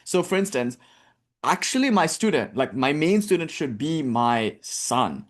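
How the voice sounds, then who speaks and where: A young man giving a casual, animated talk on spiritual texts as a teacher, wandering into tangents and jokes. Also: fairly high pitch, unhurried. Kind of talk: casual lecture on scripture.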